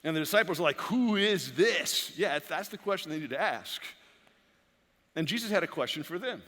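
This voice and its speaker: A man preaching a sermon as a pastor, animated and full of repeated words and restarts. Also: fairly high pitch, quick pace, big-room sound. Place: church sanctuary.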